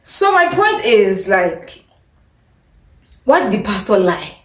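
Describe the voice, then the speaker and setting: A woman's voice: mid-range voice, sing-song, slow pace, echoey room, low-quality recording. A woman vlogging her opinions in a chatty, opinionated way, often breaking into laughter. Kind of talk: casual opinion vlog.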